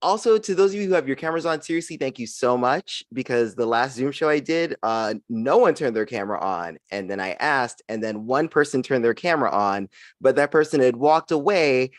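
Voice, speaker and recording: A young man doing a stand-up comedy set on a live video-call show, with an animated, punchy delivery and frequent laughs. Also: medium pitch, fairly quick, no echo, clean studio sound. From United States.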